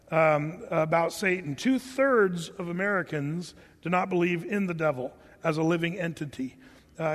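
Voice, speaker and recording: A man's voice: high voice, long reverb tail. An older man preaching a sermon, telling stories with humor and sound effects. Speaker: pastor.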